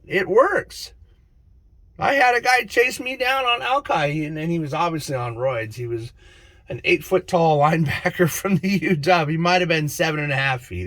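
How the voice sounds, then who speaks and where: Man, spiritual vlogger, excitable and preachy, fairly high voice, lively swoops, dry close sound. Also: dry recording. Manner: excitable, preachy, laughs at his own stories. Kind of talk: casual spiritual monologue to camera.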